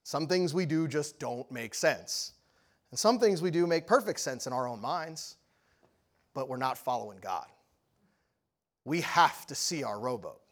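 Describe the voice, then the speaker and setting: A man preaching a sermon, telling a story with lively energy and often asking the audience questions. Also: mid-range voice, a little slow, pauses often.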